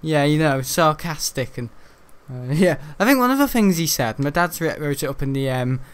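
A young man chats loosely over his gameplay, drifting from topic to topic and dropping mild swears as he goes. His voice is smooth and clear and sits a little high for a man. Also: sing-song, moderate pace. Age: young adult. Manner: chatty and rambling, frequent mild swearing. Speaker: gaming YouTuber. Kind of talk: casual gameplay commentary.

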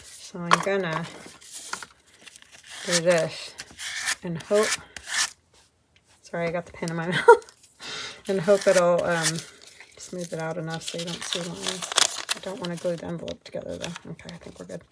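A woman's voice: lowish voice, little pitch movement, brisk, gravelly, very noisy. A woman vlogger giving casual running commentary as she crafts, thinking aloud in a chatty, meandering way. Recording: paper crinkling and clicks behind voice.

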